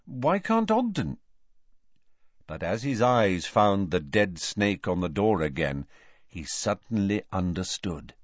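A man narrating a story in a measured storytelling manner, in a dull, dry recording. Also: deep voice, dry recording. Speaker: audiobook narrator. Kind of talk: scripted narration.

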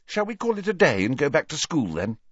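Man voicing a bossy anxious teen witch girl, much higher voice, hushed and shrill, dry audio. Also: big pitch swings, fairly quick, breathy edge, no room sound, lo-fi sound, exaggerated voice. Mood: brisk. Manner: high shrieks and tense hushed pleading.

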